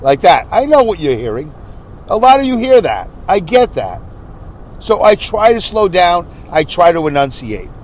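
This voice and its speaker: Animated man ranting in a casual monologue. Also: high voice, slight background noise. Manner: animated, rambling storyteller who slips into impressions. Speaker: podcast host.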